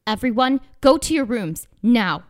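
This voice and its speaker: A woman voicing a frightened, battered young farm wife in a storybook reading, pleading in a high, breathless voice. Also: expressive, a little slow. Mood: commanding.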